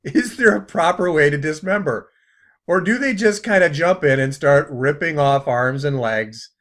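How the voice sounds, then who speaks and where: A man hosting a commentary video, mocking what he plays with bursts of laughter and quiet trailing asides. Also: fairly high pitch, moderate pace.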